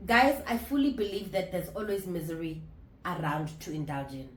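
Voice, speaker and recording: A woman in her thirties talking candidly to camera in a casual vlog, reflective and halting, often restarting her sentences. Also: lowish voice, a little hiss or hum. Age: 30s. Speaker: vlogger. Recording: roomy echo.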